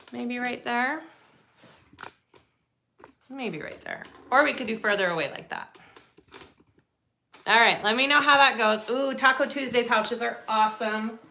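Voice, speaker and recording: A woman's voice: fairly high pitch, bright, forceful tone, a little hiss or hum. A woman hosting a live sewing tutorial, chatting casually and greeting viewers as she works. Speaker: sewing livestream host.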